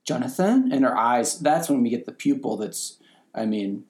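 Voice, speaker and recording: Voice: medium pitch, normal speed, a little mellow. A podcast co-host recapping scenes in casual chat, animatedly acting out the characters' lines. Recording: echoey room.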